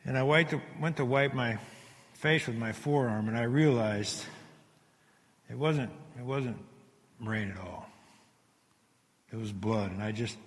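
A man telling a dramatic survival story to a live audience, halting and repeating words as he swings between hushed and loud. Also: mid-range voice. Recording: long hall reverb.

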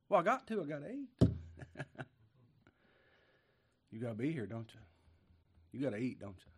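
A pastor preaching a folksy sermon while sick with a cough and short of breath, moving from quiet musing to loud emphatic lines. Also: male voice, medium pitch, breathy edge.

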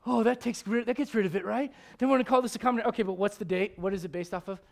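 High-voiced man preaching emphatically. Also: racing, gravelly. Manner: emphatic preaching full of rhetorical questions. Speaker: pastor. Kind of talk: sermon. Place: church service before a congregation.

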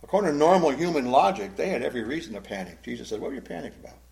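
A man's voice: fairly high pitch, very animated, very fast, creaky, darkish tone. A man preaching a Bible-teaching sermon in a conversational way, often asking the congregation questions and repeating words as he goes. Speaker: pastor.

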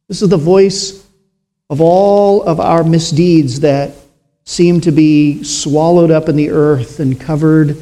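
A man preaching a sermon in a slow, solemn way, with dramatic pauses and rising emphasis. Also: a little high, mellow.

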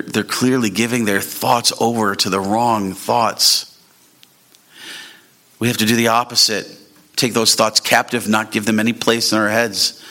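Male pastor, bright forceful tone, earnest sermon delivery that climbs on emphatic lines. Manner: earnest preaching, rising in pitch at emphatic points.

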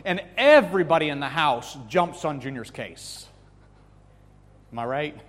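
A man preaching a sermon with earnest emphasis, rising to loud peaks and falling back to soft, pleading lines. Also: on the high side, lively intonation, a little slow, a little hiss or hum. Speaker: pastor. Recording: long reverb of a hall.

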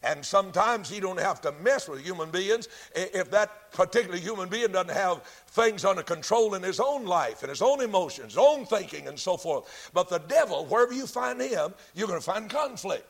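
Male Baptist preacher, high voice, emphatic, repeats key lines. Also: lively intonation. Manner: emphatic, repeats key phrases, drawn-out stresses. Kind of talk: sermon.

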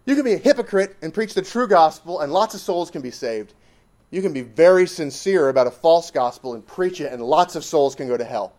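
An emphatic man preaching a sermon with a fairly high voice. He repeats lines for weight and builds to loud exclamations. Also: expressive, brisk.

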